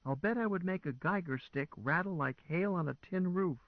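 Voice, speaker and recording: A high, anxious female ship computer frets and digs in her heels, as a man puts her on. The voice leaps up and down with alarm. The recording is dry and a little dull. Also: sing-song, slow pace, dry recording, heavily acted. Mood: fretful. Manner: anxious, whiny, stubborn. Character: fretful female AI spaceship car.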